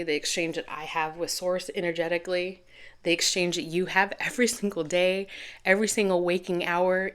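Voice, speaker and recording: A middle-aged woman giving a channeled tarot reading to camera, earnest and rambling, correcting herself as she goes. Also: lowish voice. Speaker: tarot reader.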